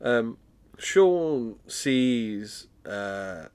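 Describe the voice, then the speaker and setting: A man's voice: medium pitch, expressive, extremely slow, a little mellow, clear, resonant tone. A British man in his twenties, co-hosting a podcast and chattily recapping a TV episode, laughing often as he tells stories. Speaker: podcast co-host. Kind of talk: casual chat recapping a TV episode.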